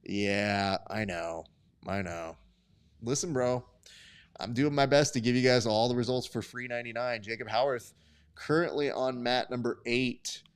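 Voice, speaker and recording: A man's voice: mid-range voice, normal speed, smooth. A young man hosting a live stream, giving sport commentary in casual, chatty, profane banter. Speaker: host.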